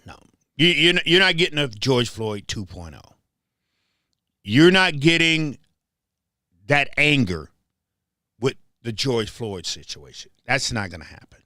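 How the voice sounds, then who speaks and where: Emphatic man with a lively voice. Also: medium pitch, unhurried, long pauses, dry recording, clean studio sound. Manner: repetitive, restarts phrases, emphatic. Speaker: show host. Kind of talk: casual commentary monologue.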